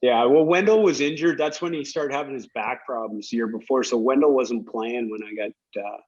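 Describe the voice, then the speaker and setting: A middle-aged man, a guest, telling stories from his playing days in a casual, animated way, laughing as he goes. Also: medium pitch, fairly quick. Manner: animated storyteller who laughs while telling anecdotes. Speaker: guest, former hockey player. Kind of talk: casual storytelling. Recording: dull lo-fi audio.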